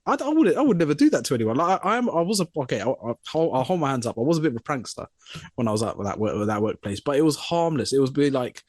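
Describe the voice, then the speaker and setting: A young man co-hosting a podcast talks fast at a medium pitch over clean studio sound without room reverb. His casual, funny story about work comes alive as he imitates the voices of everyone he quotes.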